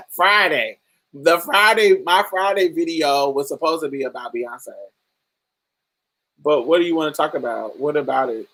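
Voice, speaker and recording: A woman's voice: low-pitched, unhurried, long pauses, fairly bright tone, low-quality recording. A woman hosting a long casual livestream podcast, chatting, laughing often and calling people honey and baby. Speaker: podcast host.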